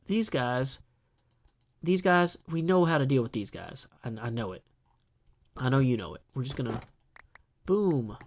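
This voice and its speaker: A man casually talking through his building work in a video game, chatty and self-deprecating, with jokey asides. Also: medium pitch. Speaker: gameplay video host. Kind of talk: casual solo gameplay commentary.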